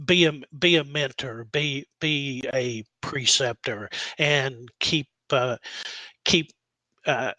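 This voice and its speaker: A man, a nurse practitioner student, giving measured, earnest interview answers with frequent pauses and fillers. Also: medium pitch, bright, forceful tone, dry recording, poor audio.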